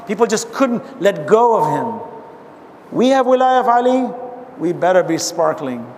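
A man's voice: high-pitched, sing-song, normal speed, a little mellow. A man giving an impassioned religious talk to a gathering, reciting Arabic verses between his explanations. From abroad, now living in America. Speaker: Islamic speaker. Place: hall with an audience. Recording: hall reverb, faint noise.

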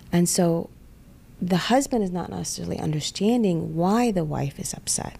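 A woman with a fairly low, gravelly voice, talking through relationship problems in an earnest way. She slips into quick little impressions of husband and wife as she explains, in a podcast conversation. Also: mellow. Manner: earnest, acts out spouses' voices in quick asides.

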